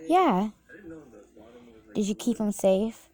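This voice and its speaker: Soft-spoken twin-sister role, voiced by a woman: gentle and mellow. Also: medium pitch, animated, takes it slowly. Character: young girl, the listener's stand-in, Max's twin sister.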